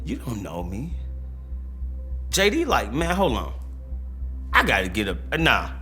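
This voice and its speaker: A man's voice: mid-range voice, a little slow, soft background music. A man tells stories from his career in a loose, slangy way, acting out the dialogue. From St. Louis, USA. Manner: animated, slangy, acts out dialogue. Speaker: rapper interviewee. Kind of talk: storytelling interview.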